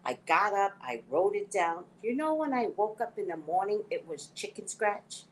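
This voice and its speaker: A woman hosting a spiritual talk show, telling stories in a casual, animated way, often laughing and acting out her own thoughts. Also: medium pitch, moderate pace, slight background noise, rough recording. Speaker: psychic reader and show host.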